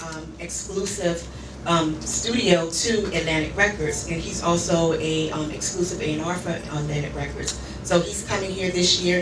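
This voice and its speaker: Earnest woman in an echoey room. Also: fairly low pitch. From Virginia. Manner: earnest, filler-heavy storytelling. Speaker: music conference organizer. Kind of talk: casual interview chat. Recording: echoey room, far from the mic, noisy.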